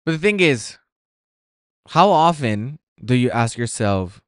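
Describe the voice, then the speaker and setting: A man's voice: mid-range voice, big pitch swings, slow, fairly bright tone, clear, resonant tone, no room sound, clean studio sound. A man hosting a solo podcast, talking reflectively and asking his listeners many questions. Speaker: podcast host.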